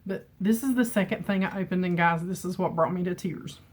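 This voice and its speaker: Middle-aged woman, beauty vlogger, casual and emotional, a bit low-pitched, home camera mic. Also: a little fast, slight background noise. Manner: chatty, emotional, laughs often. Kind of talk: casual chat. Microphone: camera mic with ring light.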